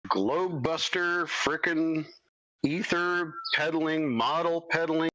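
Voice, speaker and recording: A man's voice: fairly high pitch, takes it slowly, sharp tone, rough recording. A man speaking as a guest in a casual group livestream, blunt and exasperated.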